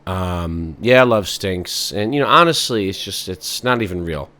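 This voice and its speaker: A man's voice: deep voice, lively intonation, measured pace, bright, forceful tone. A man hosting a podcast in a rambling, sardonic comic monologue full of fillers. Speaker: podcast host.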